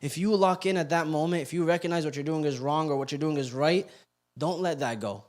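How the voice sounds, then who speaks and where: A man giving a youth sermon, joking and animated while telling the story, then quiet and earnest as he drives the lesson home. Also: fairly high pitch, brisk. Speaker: youth halaqa speaker. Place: youth center hall.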